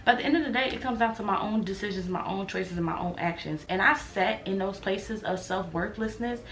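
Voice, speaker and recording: A woman's voice: mid-range voice, fairly quick, fairly bright tone. Earnest young woman in an echoey room. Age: 20s. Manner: earnest, reflective, talks straight to viewers. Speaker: vlogger. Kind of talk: candid sit-down vlog confession. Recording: roomy echo, faint noise.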